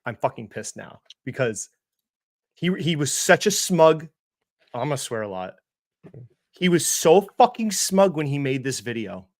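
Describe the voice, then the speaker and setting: Man, fired up, sarcastic, swearing, mid-pitched voice, dry close sound. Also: very animated, a little slow, pauses often, no echo. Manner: angry, sarcastic, swearing, mocking impressions. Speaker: co-host of investing livestream. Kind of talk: heated casual chat.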